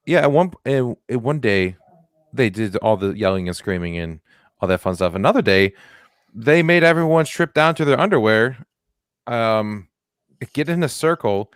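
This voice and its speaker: A man's voice: medium pitch, clean tone, no echo. Dry-sounding man joking on a podcast. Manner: joking, deadpan, swears freely. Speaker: podcast co-host. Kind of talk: casual comedic chat.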